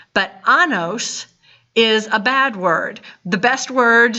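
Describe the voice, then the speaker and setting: A woman teaching a Spanish lesson, explaining slowly and deliberately with playful asides. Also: mid-range voice, bright, forceful tone. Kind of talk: recorded classroom lesson. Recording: dull lo-fi recording.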